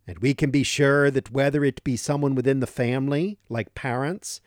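A man preaching a sermon, teaching from scripture in a deliberate, emphatic way that leans on key words. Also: mid-range voice, dry recording, studio quality.

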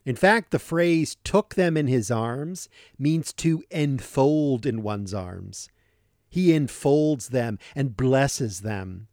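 A man preaching a sermon, teaching from scripture in a deliberate, emphatic way that leans on key words. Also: medium pitch, a little mellow, no echo, studio quality.

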